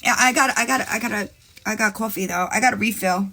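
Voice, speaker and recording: A woman with a mid-range voice and sharp tone talks quickly while hosting a casual live stream on a phone mic. Brash and profane, she taunts her rivals and rambles directly to her chat.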